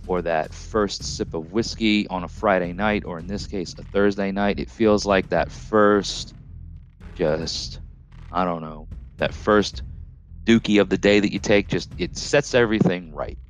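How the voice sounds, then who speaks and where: A man's voice: low-pitched, steady tone, moderate pace, a little hiss or hum. A man hosting his own podcast alone, rambling and joking casually with lots of fillers. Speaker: podcast host.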